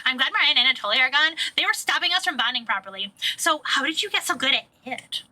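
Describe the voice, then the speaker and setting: A woman's voice: high-pitched, lively intonation, fast, bright, forceful tone, a little hiss or hum, heavily acted. A woman voicing a snobby, sinister young woman from a game, reading her lines in a put-on posh accent with eager, sweetly menacing delivery. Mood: dreamy obsessive. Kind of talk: dramatic reading of game dialogue.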